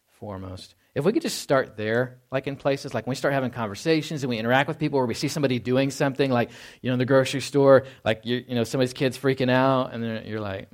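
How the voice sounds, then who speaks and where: A middle-aged man from Texas preaching a sermon in a conversational way, often asking "right?" and acting out quoted lines in a low, quiet voice. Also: fast. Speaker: pastor.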